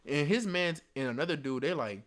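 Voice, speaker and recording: Animated young man telling a story, slightly high voice. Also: fairly quick, noisy background. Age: young adult. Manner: animated, slangy, laughs often and acts out the dialogue. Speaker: storyteller vlogger. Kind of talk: casual storytime.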